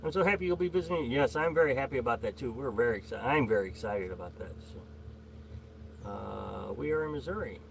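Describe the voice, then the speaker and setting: A man's voice: medium pitch, expressive, a little fast, gravelly, slight background noise. A middle-aged man hosting a casual live stream, rambling with many fillers and greeting viewers by name as he reads their comments. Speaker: livestream host.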